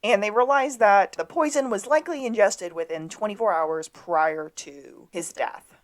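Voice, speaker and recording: A woman's voice: medium pitch, normal speed. A woman co-hosting a casual rewatch podcast, retelling scenes with wry jokes. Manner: lively and wry, drops jokes into the recap. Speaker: podcast co-host.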